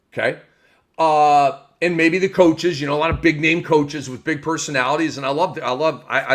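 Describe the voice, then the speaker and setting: Male sports host in his forties, emphatic ranting delivery, bright and a touch high. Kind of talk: sports commentary rant.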